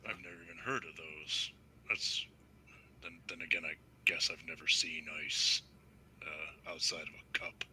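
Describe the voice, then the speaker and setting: A man voicing a jittery, paranoid male guard who mutters in a hushed, wary way during a tabletop game. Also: very deep voice, flat delivery, unhurried, voice pushed down, full character voice, low-quality recording. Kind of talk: playing a character in a tabletop game.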